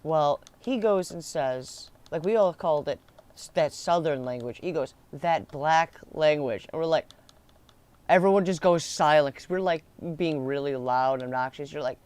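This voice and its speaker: A man's voice: on the high side, normal speed, darkish tone, smooth. A young man telling a school story in a rambling, casual way, laughing and swearing as he goes.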